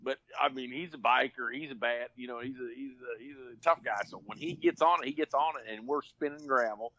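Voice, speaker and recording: A man's voice: mid-range voice, fairly even intonation, fairly quick, pushed and bright, no room sound, lo-fi sound. A man telling a rambling, folksy story on a podcast, full of restarts. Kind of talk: casual storytelling.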